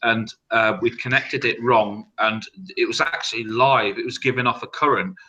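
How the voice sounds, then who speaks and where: A man, telling rambling, halting party stories with a lot of swearing in an open online hangout. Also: mid-range voice, steady tone, sharp tone, dull audio. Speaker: hangout participant. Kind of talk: casual storytelling.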